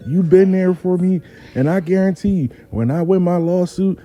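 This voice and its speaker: A man's voice: sits high, normal speed, mellow, soft background music, voice pushed up, close to an everyday voice. A man putting on a bossy, foul-mouthed, generous woman. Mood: insistent. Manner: insistent, swearing, bossy.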